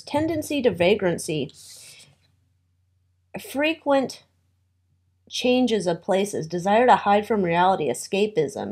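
A woman talks through a tarot spread in a loose, chatty way, her voice sitting at an ordinary middle pitch. She drifts into wry asides and lets sentences trail off as she thinks aloud. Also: a little mellow. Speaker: tarot reader. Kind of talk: casual tarot reading.

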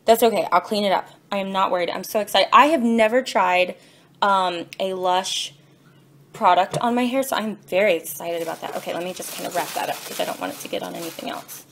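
A young woman gushing excitedly as she unboxes gifts in her home kitchen, filming on a phone in one hand and apologizing as she fumbles. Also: medium pitch, a little fast, vocal fry. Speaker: vlogger. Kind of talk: casual unboxing vlog. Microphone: phone held in one hand.

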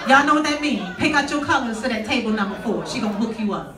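Sassy woman comedian with a lively voice. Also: on the high side, fast. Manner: sassy, conversational, teases the audience. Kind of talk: stand-up comedy set. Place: stage before a live audience in a large hall. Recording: echoey hall with crowd noise, mic at a distance.

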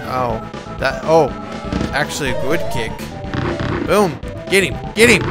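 A young man giving casual, excitable commentary while playing a video game, often exasperated and shouting at the players. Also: medium pitch, a little slow. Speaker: let's play gamer. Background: video game music.

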